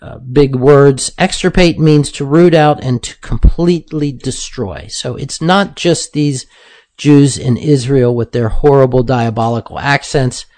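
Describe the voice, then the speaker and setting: A man's voice: medium pitch, measured pace, darkish tone. Man talking casually to listeners. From United States. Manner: conversational, keeps saying "folks", many fillers. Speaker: commentator host. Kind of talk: casual monologue commentary.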